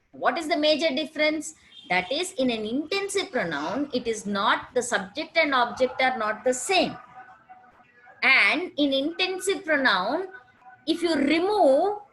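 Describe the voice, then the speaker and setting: A woman teaching an English grammar lesson, explaining patiently and often checking with a quick question. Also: high-pitched, a bit bright, rough recording. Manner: patient, checks understanding with "right?".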